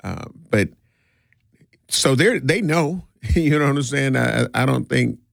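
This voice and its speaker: Man, radio co-host, gravelly, lively pitch, dry studio sound, playful. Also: slow pace, dry recording. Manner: joking, playful, laughs often. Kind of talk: morning radio banter.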